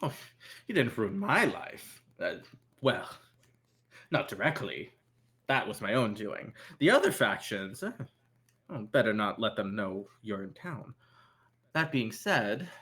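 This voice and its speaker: A man's voice: on the low side, animated, a little slow, long pauses, a bit bright. Man plays a sly woman club owner, teasing drawl, tabletop game. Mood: knowing. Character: bold woman who owns a nightclub. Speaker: game master. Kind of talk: voicing a character in a tabletop game.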